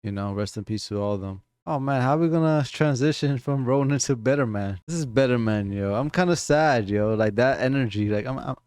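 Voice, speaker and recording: A man's voice: mid-range voice, fairly quick, hardly any pauses, a little mellow, smooth, dry recording. A man giving casual reaction commentary to songs, laid back and speaking straight to his viewers. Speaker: music reactor.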